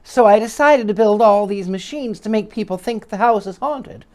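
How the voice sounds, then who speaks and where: A man voicing a shy, timid little man who stammers in a squeaky voice in a storybook. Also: normal speed, darkish tone, natural voice. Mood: bashful.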